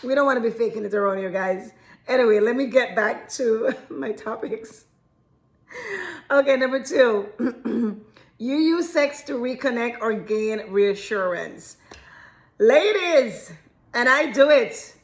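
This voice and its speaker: Woman vlogger talking love advice, giggles a lot, kinda high voice, frank and chatty. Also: measured pace. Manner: giggly, keeps breaking into laughter; frank and chatty, addresses viewers as ladies and guys. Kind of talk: casual chat to camera.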